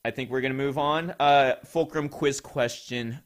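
A man's voice: mid-range voice, fairly even intonation, moderate pace. A man hosting a casual podcast, talking in a rambling way with many fillers. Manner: rambling, filler-heavy, laughs a lot. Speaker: podcast host.

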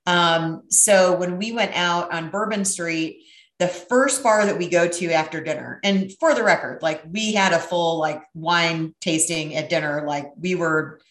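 A middle-aged woman telling a brash, profane, animated story in casual chat. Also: fairly low pitch, measured pace, echoey room.

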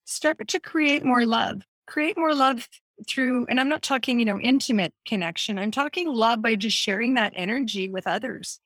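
A woman's voice: on the high side, normal speed, a bit bright, no echo. A woman talking about wellness in an earnest, encouraging way, stressing her key words. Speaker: wellness speaker. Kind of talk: casual health talk.

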